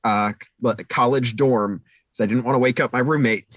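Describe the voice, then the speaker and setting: A man's voice: mid-range voice, steady tone, normal speed, a bit bright, no echo. A man chatting casually on a live stream, telling jokey, self-deprecating anecdotes. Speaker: panelist.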